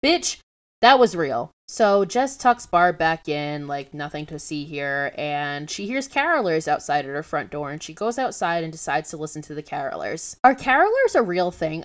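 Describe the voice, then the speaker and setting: A young woman with a low voice talks through a movie plot on her podcast. She is casual and animated, swears freely and drops sarcastic asides as she tells the story. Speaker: podcast host. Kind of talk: casual film recap.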